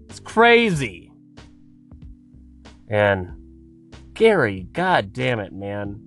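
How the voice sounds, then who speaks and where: A man hosting a podcast, delivering a profane comedic rant in an exasperated, swearing manner. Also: fairly high pitch. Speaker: podcast host.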